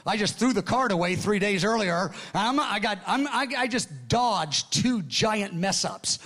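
A man's voice: high-pitched, lively intonation, measured pace, a bit bright. A man preaching a sermon-style teaching session, telling a story animatedly, acting out what others said and often restarting his sentences. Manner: frequent restarts and stammered repeats. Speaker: pastor.

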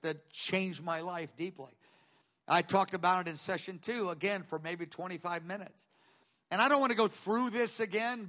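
High-voiced older preacher. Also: male voice, a bit bright. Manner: digressive, storytelling, quoting others aloud. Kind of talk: conversational teaching sermon.

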